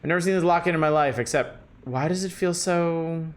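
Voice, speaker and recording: A man's voice: a little high, fairly quick, pitched above the performer's own voice, natural voice. A man doing a prim old-fashioned librarian lady. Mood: indignant. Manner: genteel, calls everyone dearie. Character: prim middle-aged woman librarian, fussy, evasive. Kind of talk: reading game dialogue aloud.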